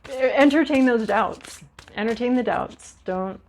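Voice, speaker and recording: A woman's voice: on the high side, unhurried, slight background noise. A woman giving a casual, chatty tarot reading, talking straight to the listener and now and then acting out little voices. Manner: chatty, animated, acts out little voices and asides. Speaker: tarot reader.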